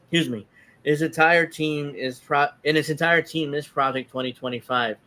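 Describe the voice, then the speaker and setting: A man's voice: a little high, steady tone, moderate pace, bright, forceful tone. A man hosting a casual political talk show, sarcastic and mocking as he reads posts aloud. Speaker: political commentary host.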